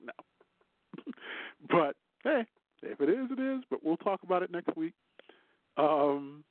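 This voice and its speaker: A man's voice: medium pitch, dry recording. A chatty man co-hosts a casual news talk show, teasing and laughing as he goes. His mid-range voice comes through dry and tinny, like a phone line. He talks loosely, full of fillers and asides. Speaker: co-host.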